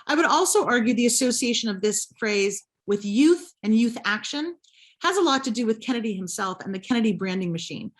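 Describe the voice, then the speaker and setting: Woman professor giving a history lecture, kinda high voice, leans on key words, keeps asking "right?". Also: animated, brisk. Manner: emphatic, asks rhetorical questions with a tagged "right?". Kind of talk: recorded lecture.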